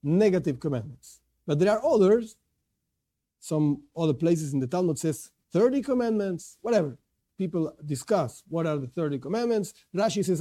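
Male lecturer, religious class, earnest and emphatic, voice pitched somewhat high. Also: lively intonation, a little fast, dark tone. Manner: earnest, stresses key words, repeats and restarts. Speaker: Torah teacher.

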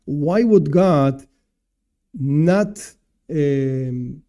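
High, dark-toned man teaching Torah. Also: drawn-out words. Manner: animated, explanatory, asks and answers himself. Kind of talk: informal religious lesson.

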